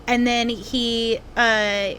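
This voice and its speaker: A woman game master narrates a tabletop role-playing session in a fairly high voice. She talks slowly, with lots of ums and thinking pauses, and a faint hum sits behind her. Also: little pitch movement, bright, forceful tone. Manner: unhurried storytelling with frequent ums and pauses.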